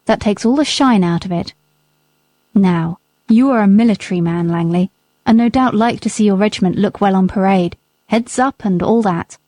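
A woman reading as a stern, principled gentleman squire. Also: mid-range voice, no room sound, natural voice. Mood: reasoning. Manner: stern, measured rebuke. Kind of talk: audiobook character reading.

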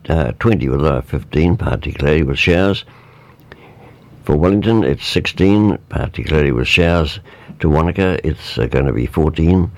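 A man with a New Zealand accent reading the local weather report on radio, relaxed and informal, with fillers. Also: deep voice.

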